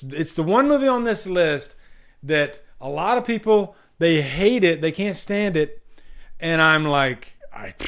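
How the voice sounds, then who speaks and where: A man's voice: fairly high pitch, fairly bright tone. A man hosting a live stream, talking casually and rambling with enthusiasm and many restarts. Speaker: host.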